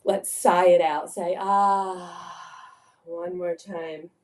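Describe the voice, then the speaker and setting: A young woman leading a guided meditation for children, speaking gently and soothingly and chanting sung syllables. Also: fairly low pitch, little pitch movement, slow pace. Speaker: kids' yoga and mindfulness teacher.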